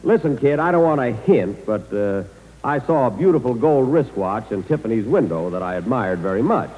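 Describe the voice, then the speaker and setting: A comedian host of a 1940s radio comedy speaks in a mid-range, darkish, slightly rough voice with lively intonation at normal speed. Hesitant and exasperated, full of "uh"s, he performs live before troops in a hall, heard on an old broadcast.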